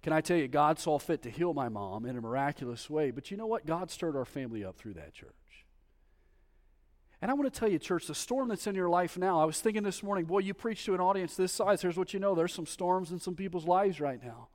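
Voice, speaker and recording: Male preacher, high voice, emphatic delivery swinging from soft to loud, in a reverberant church hall. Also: animated, brisk. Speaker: pastor. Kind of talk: sermon. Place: church sanctuary.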